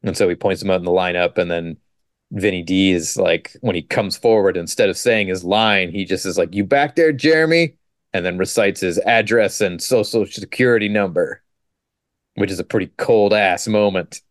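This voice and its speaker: A man on a podcast, recapping a movie in casual, joking chat and tossing in quick mock quotes. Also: deep voice, fairly even intonation, dry recording, studio quality. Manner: joking, sarcastic, quotes scenes in quick put-on lines. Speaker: podcast co-host.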